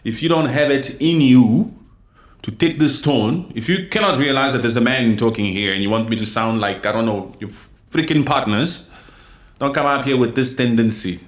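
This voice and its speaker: A man from the DR Congo hosting a livestream, giving heated commentary and talking straight to his chat viewers. His delivery is forceful and he repeats himself a lot. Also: medium pitch, moderate pace. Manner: forceful, repetitive, addresses chat viewers directly. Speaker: livestream host.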